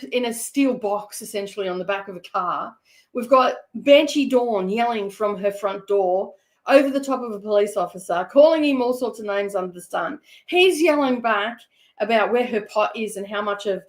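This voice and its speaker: An Australian woman with a fairly high voice, chatting casually as she tells a long, funny story. Her delivery is animated and full of asides. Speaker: host.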